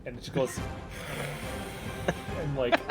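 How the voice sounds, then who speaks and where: A man narrating as game master in a relaxed way, with loose fillers and chuckles. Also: medium pitch, extremely slow, over loud music.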